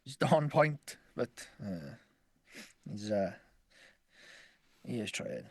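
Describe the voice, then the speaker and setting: A man's voice: fairly low pitch, big pitch swings, drawn-out words, dry recording. A man co-hosting a podcast in casual chat, rambling and swearing, often laughing. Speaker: podcast co-host.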